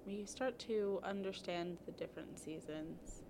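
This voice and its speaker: A woman in a casual faith conversation, answering thoughtfully and hesitantly with many pauses. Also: medium pitch. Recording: noisy recording.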